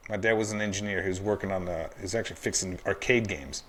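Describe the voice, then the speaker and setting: A man's voice: sits low, steady tone, fast, a bit bright. A man hosting a podcast over a video call, talking in a loose, rambling way and calling his guest "dude" constantly. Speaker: podcast host. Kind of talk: casual chat.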